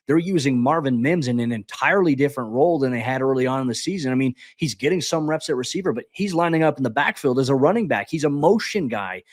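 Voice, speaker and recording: A man talks football at a rapid clip, stumbling over his first words and pressing ahead. His mid-range voice sounds close and dry, with no room around it. He is a guest host on a sports podcast. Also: mid-range voice, dry recording. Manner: rapid, animated, frequent stammered restarts. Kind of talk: casual sports analysis chat.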